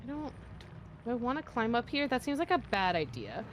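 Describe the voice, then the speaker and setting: A woman's voice: fairly high pitch, big pitch swings, a little fast, slight background noise. A woman streaming a video game, talking casually and swearing freely as she reacts to the play. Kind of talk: casual gameplay chat.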